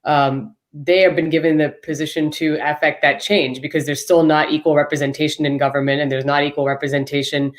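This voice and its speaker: A woman's voice: sits low, little pitch movement, a little fast, hardly any pauses. A woman speaking as a panel guest, earnest and articulate, building long arguments. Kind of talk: live panel discussion.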